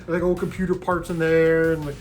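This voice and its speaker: A man's voice: on the high side, level tone, fairly quick, darkish tone. A man casually telling stories from his video game hunting trip, swearing freely and mimicking the people he bargained with. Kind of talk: casual storytelling vlog.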